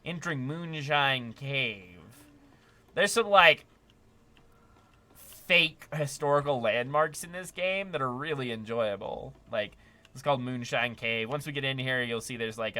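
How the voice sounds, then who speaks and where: A man's voice: mid-range voice, a little slow, sharp tone. A man giving chatty, upbeat live commentary while playing a video game, often laughing and talking to his chat. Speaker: streamer.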